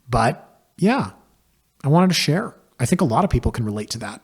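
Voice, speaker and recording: A man's voice: medium pitch, very animated, normal speed, a little mellow, husky. A man, a podcast host telling a personal story in a wry, self-deprecating way. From Canada. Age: 40s.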